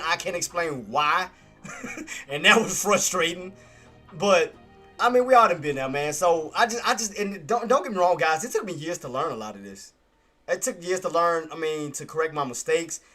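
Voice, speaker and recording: A man's voice: high-pitched, pushed and bright. A man who streams about stock trading, talking casually and candidly to viewers, laughing often and using slangy everyday speech.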